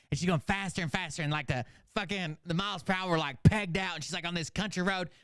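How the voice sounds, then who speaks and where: A man casually recapping a movie in a profane, animated rant, acting out the characters with sudden shouts. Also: high-pitched, brisk, hardly any pauses, smooth, no room sound, clean studio sound. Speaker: channel host.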